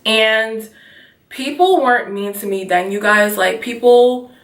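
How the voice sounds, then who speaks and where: A woman's voice: on the high side, unhurried, fairly bright tone, echoey room, far from the mic. A woman in her twenties, from Nigeria, talking casually and rambling through a get ready with me vlog. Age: 20s. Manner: casual, rambling, keeps saying you guys. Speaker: beauty vlogger.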